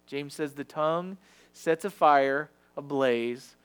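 Man, high voice, pastor, casual sermon, animated quoted voices. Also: takes it slowly, clear, resonant tone.

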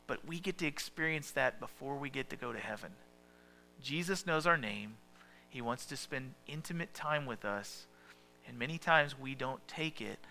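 Man, pastor, sermon, fairly high bright voice, conversational, asks questions, hushed at times.

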